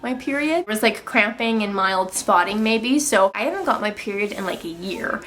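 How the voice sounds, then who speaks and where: A woman's voice: mid-range voice, expressive, moderate pace, fairly bright tone, slight background noise. A young woman in her twenties telling a personal story to camera in a casual, chatty way, full of fillers. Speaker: vlogger.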